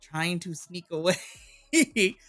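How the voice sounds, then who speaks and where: Man, bright edgy voice, wrestling recap, playful quoted lines, faint music. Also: high voice, animated, takes it slowly. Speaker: wrestling podcast co-host. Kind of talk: casual podcast recap.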